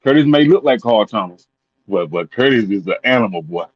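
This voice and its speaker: A man's voice: on the low side, expressive, brisk, husky, dry recording, muffled recording. A man with a Southern US accent co-hosting a casual chat, repeating words and calling his partner "boy" and "man". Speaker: podcast co-host.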